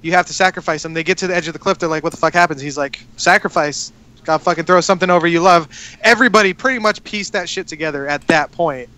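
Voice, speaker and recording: A man with a high, bright and crisp voice talks in a loose, casual way. He recaps a story in long rambling runs, full of swearing and fillers. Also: fast talker. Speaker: podcast co-host. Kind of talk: casual chat.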